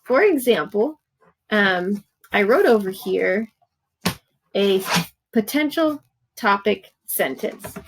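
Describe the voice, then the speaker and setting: A woman's voice: medium pitch, lively intonation, slow pace, pauses often, a little hiss or hum, rough recording. A woman teacher giving patient step-by-step instructions for a writing assignment in a recorded remote lesson. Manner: patient, encouraging, explains step by step with examples. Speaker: third grade teacher.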